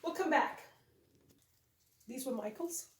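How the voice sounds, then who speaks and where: Slow and expressive, with a high-pitched voice, the home decorating co-host rambles cheerfully through her holiday decorations beside the decorated tree. She corrects herself here and there, and the distant mic makes the room sound echoey.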